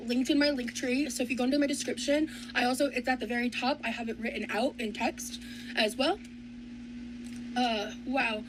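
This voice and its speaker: A woman vlogger chatting casually to viewers while unboxing gifts, blunt and quick to swear. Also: a little high, noisy background.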